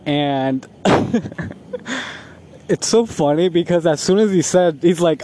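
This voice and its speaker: A man vlogging while walking outside, rambling and laughing often, a bit high. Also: slight background noise. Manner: rambling, laughs often, slow relaxed talk. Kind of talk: casual walking vlog. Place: outdoors on a street.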